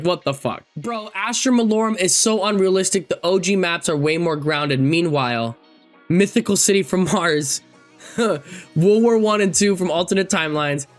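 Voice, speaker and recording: Loud, swearing young man gaming. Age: 20s. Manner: animated, swearing, swings between loud outbursts and low mutters. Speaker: gaming YouTuber. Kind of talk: casual commentary reading forum posts.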